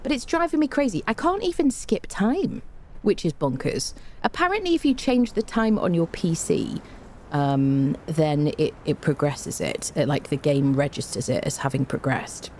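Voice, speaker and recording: A woman's voice: deep voice, sing-song, normal speed, darkish tone, a little hiss or hum. A tired woman game streamer in casual live-stream chat, bubbly and chatty as she greets her viewers one by one with repeated hellos.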